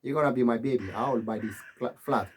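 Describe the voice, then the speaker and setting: A man putting on a bragging rich smooth-talker. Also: mid-range voice, fast talker, slight background noise, natural voice. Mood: boastful. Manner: bragging, coaxing. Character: boastful rich man wooing a woman.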